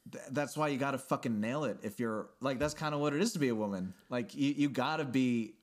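A man's voice: medium pitch, fairly quick. A man hosting a podcast in casual chat, talking frankly and swearing freely. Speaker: podcast host.

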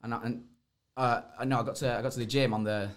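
A man's voice: mid-range voice, steady tone, quick pace. A young man, a podcast guest who tells his fight stories in rambling casual chat, laughing and swearing often.

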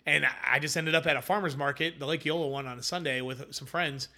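A young man with a bright, forceful tone and a slightly raised voice tells his founder's story in a casual interview. He is animated and slips into quoted voices as he goes. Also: on the high side, quick pace. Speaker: hummus company founder, guest.

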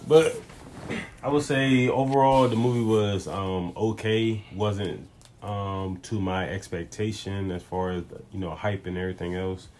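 A man giving his opinion as a guest on a casual podcast, hesitant, with many pauses and ums. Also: on the low side, steady tone, a little mellow, slight background noise. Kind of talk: casual chat.

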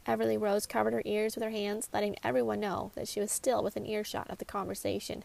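A woman reading her own short mystery story aloud, in a measured, expressive narration. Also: mid-range voice, creaky.

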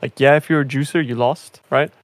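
A man's voice: medium pitch, fairly even intonation, a little fast, no room sound. A man chatting casually about a video game, rambling with many fillers and restarts. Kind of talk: casual gaming chat.

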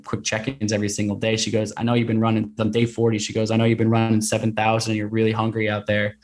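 A man being interviewed, telling a long personal story in an animated conversational way, full of repeated fillers. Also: fairly low pitch. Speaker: guest recounting an expedition.

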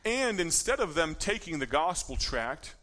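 A man's voice: on the high side, sing-song, measured pace, bright, forceful tone. A man in his thirties giving an informal talk at a ministry gathering, chatty and joking, often checking in with his listeners. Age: 30s. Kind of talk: informal talk to a live audience.

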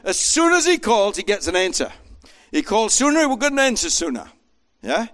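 A man preaching a sermon with an animated manner, acting out voices as he tells the story. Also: sits high, normal speed. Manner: animated, acts out voices in quotes.

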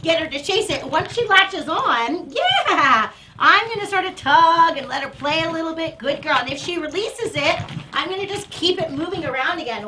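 A woman dog trainer demonstrating toy play on a live stream, chatty and animated, breaking into excited praise for the dog. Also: extremely high pitch, normal speed, few pauses, slight background noise, low-quality recording.

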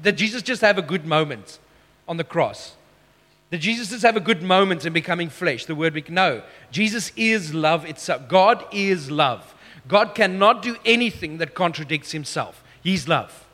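High, bright-voiced male preacher in a hall. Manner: emphatic, slows down for key phrases, self-deprecating asides. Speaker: pastor. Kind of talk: sermon.

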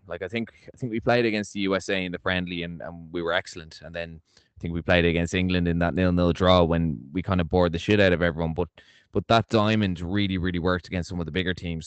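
A man's voice: low voice, clean tone, no room sound. A man from Ireland recapping a football campaign in casual podcast chat, thinking aloud. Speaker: podcast co-host.

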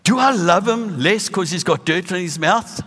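A man in his sixties with a South African accent, preaching a sermon with animated, emphatic bursts. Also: high voice, moderate pace, husky, long reverb tail. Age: 60s.

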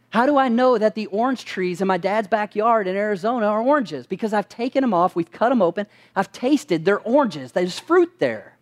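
Man preaching with rhetorical questions. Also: sits high. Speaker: pastor. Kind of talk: sermon.

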